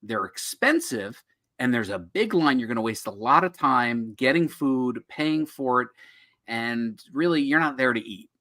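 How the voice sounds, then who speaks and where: A middle-aged man from New Jersey, co-hosting a casual chat with jokey, animated storytelling. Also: mid-range voice, measured pace. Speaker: co-host of a comics podcast.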